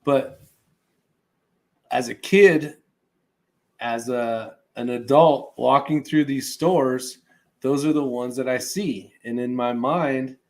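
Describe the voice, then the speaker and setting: A man from California hosts his own livestream, reading the live chat and answering viewers in a loose, rambling way padded with fillers and small chuckles. His voice is mid-range and a little mellow, with a slow pace and long pauses.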